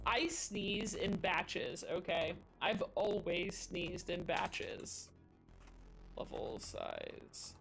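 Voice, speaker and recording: A woman's voice: fairly low pitch, steady tone, very slow, hardly any pauses, a bit bright, faint music behind. A woman live-streaming as she codes, chatting casually and thinking aloud in a rambling way with many fillers. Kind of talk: casual live-stream chat while coding.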